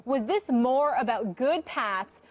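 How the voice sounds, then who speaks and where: A woman moderating a live sports debate show in a studio, upbeat and brisk, teasing the panel. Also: a little high, lively intonation. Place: television studio.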